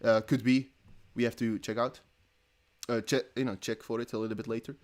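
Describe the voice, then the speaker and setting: A young Dutchman running a relaxed crypto livestream reads donations aloud in a brisk, level tone at medium pitch. He's chatty and laughing, rambling along with plenty of restarts.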